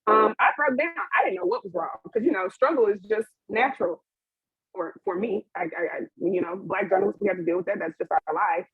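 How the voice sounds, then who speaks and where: Husky woman on a tinny call. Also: mid-range voice, lively intonation, fairly quick, no echo. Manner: open and emotional, with frequent laughs and fillers. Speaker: panelist. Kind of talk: candid personal account on a webinar panel. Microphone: video call. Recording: dry, husky, phone-like web call audio.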